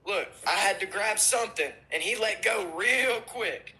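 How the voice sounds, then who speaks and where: Male guest, high bright voice, self-mocking casual storyteller. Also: a little slow, poor audio.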